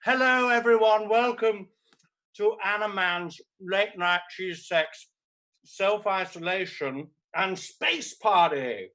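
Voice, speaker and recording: A man's voice: high voice, slow pace, bright, forceful tone, pitched above the performer's own voice, exaggerated voice, poor audio. A male comedian playing a vain, self-absorbed aging stage actress, hosting a streamed comedy show from home with camp, theatrical, sweary delivery. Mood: grandiose. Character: vain grande dame actress, middle-aged woman, theatrical and self-absorbed. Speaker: comedian host. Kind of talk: live-streamed character comedy. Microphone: laptop or streaming mic.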